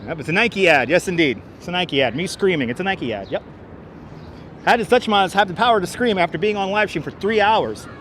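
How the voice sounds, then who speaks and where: Chatty, high-voiced man streaming outdoors. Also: animated, a little fast. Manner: chatty, playful, bursts into loud yelling and sing-song calls. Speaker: live streamer. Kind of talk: walking live stream. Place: outdoors in a city and in an elevator. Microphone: wireless clip-on mic. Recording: street noise clearly behind.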